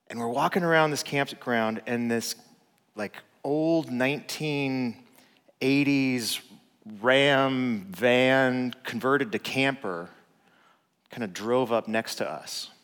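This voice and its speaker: Casual storyteller dad with reverb. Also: male voice, mid-range voice. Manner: relaxed, conversational, frequent "like" fillers. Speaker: father telling a personal story. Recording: long reverb.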